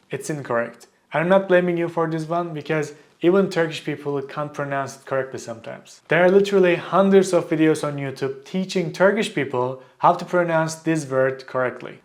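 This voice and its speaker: A man teaching a pronunciation lesson, repeating words slowly and carefully for the learner. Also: fairly high pitch. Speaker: language teacher.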